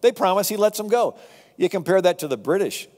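A man lecturing on history, telling it as a lively story to a live audience with asides. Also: high voice, fairly quick, big-room sound. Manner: animated, conversational storytelling with asides. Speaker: speaker on history.

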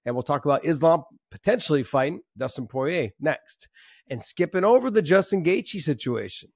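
A man's voice: fairly high pitch, lively intonation, moderate pace, a little mellow, slightly rough, dry recording, studio quality. A man co-hosting a combat sports podcast in loose, joking casual chat. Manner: loose and joking, talks over others. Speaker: podcast co-host.

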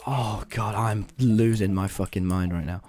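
A man's voice: on the low side, moderate pace, a little mellow. A young man streaming a game, swearing, laughing and joking. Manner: swearing, laughing, clowning in a put-on gruff local accent. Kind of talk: casual gaming chat.

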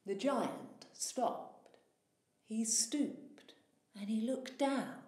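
A woman storyteller telling a folktale aloud in an animated way, swelling in loudness at the dramatic moments. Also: on the high side, very slow, pauses often. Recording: echoey room.

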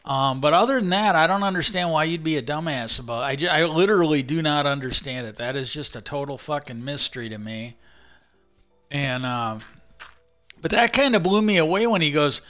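Bright, exasperated man rambling. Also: on the high side, fairly quick, soft background music. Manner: rambling, exasperated, swears freely. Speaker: livestream host. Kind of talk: casual rambling monologue.

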